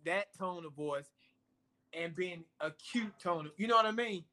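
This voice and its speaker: A man's voice: high-pitched, unhurried, pushed and bright. A man co-hosting a family podcast, curious, steering the chat with questions. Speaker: podcast co-host asking questions. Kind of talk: casual chat.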